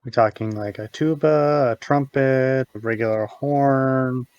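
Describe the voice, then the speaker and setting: A man at a medium pitch plays a tabletop game, asking one question after another about what his character sees. His voice comes through a slightly muffled home mic with a dry sound. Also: fairly even intonation, a little slow, darkish tone, clean tone, dry recording. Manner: curious, asks many questions. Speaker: player. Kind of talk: playing a tabletop game over voice chat.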